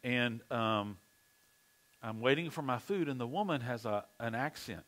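A man's voice: medium pitch, lively intonation, a little slow, a bit bright, low-quality recording. Man preaching a conversational sermon. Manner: conversational storytelling. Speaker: pastor.

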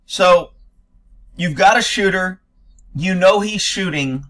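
A man's voice: high-pitched, slow, a bit bright. Blunt, sarcastic man ranting. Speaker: commentator reacting to news footage. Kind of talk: angry reaction commentary.

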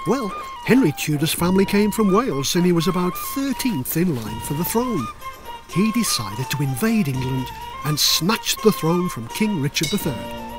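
A man's voice: high-pitched, sing-song, normal speed, over music. An older man reading his own children's history book aloud in a playful, dramatic storytelling manner. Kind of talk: audiobook narration for children.

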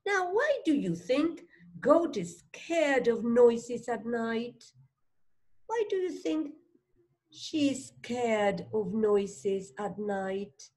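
A woman reading a phonics storybook aloud as a teacher, slowly sounding out words, asking questions and praising a child. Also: a little high, big pitch swings, darkish tone. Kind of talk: slow read-aloud lesson for a child.

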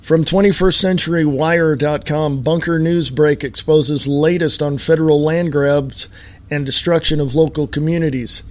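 A man with a slightly raised pitch talks straight into a home podcast mic. He speaks as a talk-radio host in a running monologue, pressing each point with slow, heavy emphasis and repeats. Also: fairly even intonation. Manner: emphatic, repetitive, slowed stress on key words.

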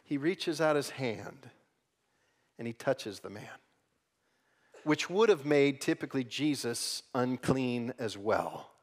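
A male pastor preaching a Sunday sermon in a church, coaxing the congregation to repeat lines after him, swinging between loud emphasis and hushed tones. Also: mid-range voice. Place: church auditorium.

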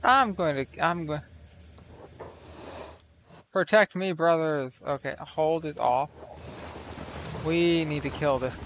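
A man's voice: on the high side, takes it slowly, pauses often, fairly bright tone, slight background noise. A man giving casual, profane, incredulous let's play commentary over his game. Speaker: gaming video creator.

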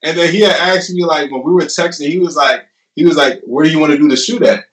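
Relaxed young man telling stories in a roomy space. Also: a little high, fast. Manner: animated, laughing retelling with lots of "I'm like". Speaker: guest. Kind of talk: casual storytelling interview. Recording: roomy and a bit distant from the mic.

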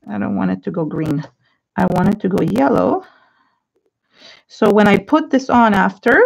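A woman's voice: mid-range voice, vocal fry. A woman hosting a live craft tutorial, chatting effusively and thanking viewers by name as she paints. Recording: slightly dull home live-stream audio.

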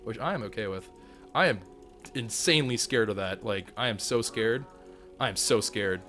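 A man giving casual, goofy commentary on his own gameplay as a channel host, often breaking into sudden high yelps and shouts. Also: moderate pace, faint music behind.

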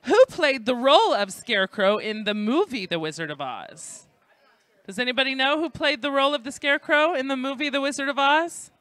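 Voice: high voice, animated, fairly quick, fairly bright tone, no echo. Jokey game-show host with a New York accent. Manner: jokey, playful asides to the audience. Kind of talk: hosting a live trivia game show. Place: indoor student event at a library.

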